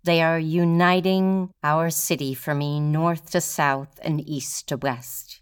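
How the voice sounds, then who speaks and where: In a first-person storytelling performance, a solo performer recounts her own story in a low, smooth, steady voice. She is measured and deliberate, leaving weighty pauses.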